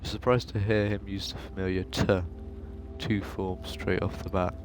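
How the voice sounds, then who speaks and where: Low-voiced man narrating a game. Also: flat delivery, a little fast. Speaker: gaming video host. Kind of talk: reading a narrative game aloud. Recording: game music playing behind.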